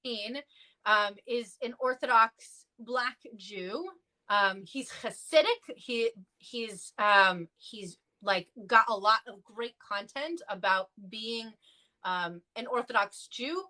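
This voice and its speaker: A woman's voice: slow, pushed and bright. A woman talking casually in a livestream discussion, telling stories in a chatty way with many fillers. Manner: acts out quoted voices with jumps in pitch. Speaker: clergy guest in a discussion.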